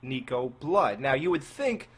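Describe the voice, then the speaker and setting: A man's voice: mid-range voice, sing-song, a little slow, a bit bright, slightly rough. A man hosting a podcast in casual chat, rambling and asking hesitant questions. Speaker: podcast host.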